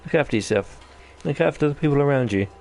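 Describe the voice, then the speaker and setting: A man's voice: mid-range voice, lively intonation, fast talker, gravelly, a little mellow, faint music behind. A man with a New Zealand accent giving rambling, jokey let's-play commentary as host of his gaming channel. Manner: rambling, jokey, self-deprecating chatter.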